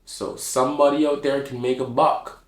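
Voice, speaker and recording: A man's voice: mid-range voice, little pitch movement, normal speed, roomy sound, poor audio. A man speaking casually to camera in a reflective, heartfelt monologue, slangy and open. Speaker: vlogger.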